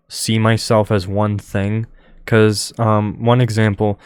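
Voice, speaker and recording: A young man hosting a solo podcast, talking in a monotone and rambling with many fillers into a close microphone. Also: fairly low pitch, smooth, dry recording. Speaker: podcast host.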